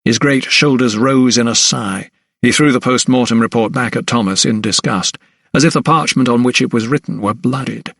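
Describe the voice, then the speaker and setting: A male narrator reads a historical mystery in a measured, even manner. His voice sits in a middle register and is recorded dry and close on a studio mic. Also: medium pitch, creaky, no echo. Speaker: audiobook narrator. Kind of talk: scripted narration.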